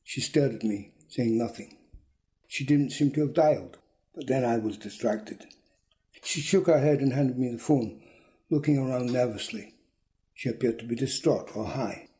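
A man reading a short story aloud in a dry, deadpan manner. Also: mid-range voice, normal speed. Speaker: reader.

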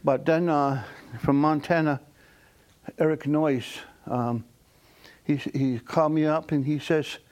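A man from a Mohawk community telling stories to listeners in a halting, casual way, with many fillers and pauses and chuckling at his own jokes. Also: on the high side, steady tone, a little mellow. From Akwesasne Mohawk community. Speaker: storyteller. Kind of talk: casual spoken storytelling.

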